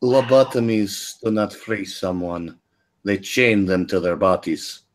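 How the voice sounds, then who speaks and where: A man voicing a serene female healer with a dark edge. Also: low-pitched, fairly even intonation, a little slow, pitched below the performer's own voice.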